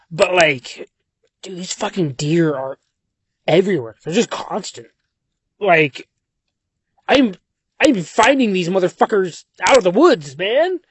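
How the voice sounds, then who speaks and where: A young man, dazed and exhausted, leaves a long, rambling and profane phone voice message from inside his car on a country road at night, wandering from one thought to another. His fairly high voice has a breathy edge, with no room sound.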